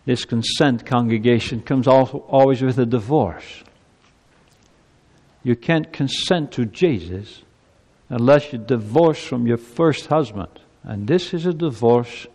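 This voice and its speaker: Slow-preaching pastor man in a reverberant hall. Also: medium pitch, darkish tone. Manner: preaching with rising fervor and quoted scripture. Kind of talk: sermon. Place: church sanctuary.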